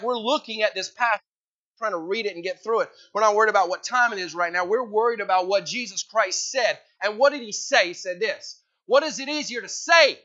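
A man's voice: high-pitched, bright, forceful tone, muffled recording. A man preaching a sermon in a conversational way, teasing the congregation with questions. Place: church hall.

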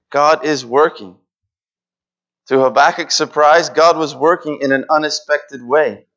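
A man's voice: mid-range voice, a bit bright, dull audio. A man preaching a sermon in an earnest way, repeating phrases and acting out pleading prayers.

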